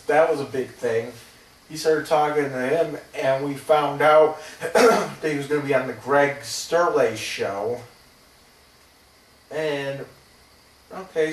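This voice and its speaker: A man's voice: fairly high pitch, slow pace. A man in his thirties rambling through a personal story, hesitant and casually swearing. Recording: roomy, distant from the mic.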